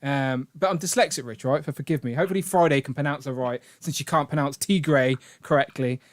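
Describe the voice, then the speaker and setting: A man's voice: medium pitch, a little fast. A man in his thirties hosting a casual live stream, joking and rambling and laughing often. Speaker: co-host of toy collecting live stream.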